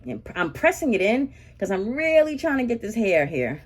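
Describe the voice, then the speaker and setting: A young woman chatting casually and rambling through animated asides while waxing on her beauty vlog. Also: fairly high pitch, normal speed. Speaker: beauty vlogger.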